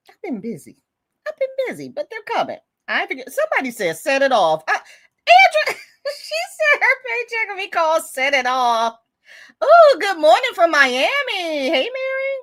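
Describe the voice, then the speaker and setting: Chatty female livestream host, bubbly, laughs a lot, high voice that jumps around. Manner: chatty, laughing often, animated with viewers. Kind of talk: casual livestream chat reading comments.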